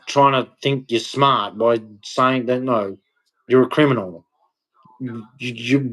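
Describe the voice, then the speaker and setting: A man's voice: medium pitch, fairly bright tone, rough recording. A man ranting heatedly in a casual vlog monologue, blunt and repetitive, swearing now and then. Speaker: vlogger.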